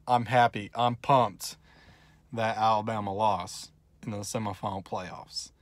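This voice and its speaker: A young man, gloating and laughing in an excited fan reaction vlog. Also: lowish voice, measured pace, dry recording. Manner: gleeful, taunting, bursts into loud laughter. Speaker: vlogger.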